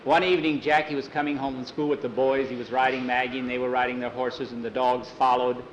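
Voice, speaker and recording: A man telling a story aloud in a folksy, unhurried way, with small restarts and slips. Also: medium pitch, flat delivery, a little hiss or hum, low-quality recording. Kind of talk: casual oral storytelling.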